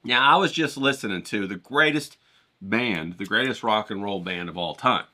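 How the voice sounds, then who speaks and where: A man's voice: fairly low pitch, normal speed, pushed and bright. A man vlogging to camera, joking and rambling, talking straight to his viewers and swearing freely. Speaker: painter and vlogger. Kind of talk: casual talk to camera.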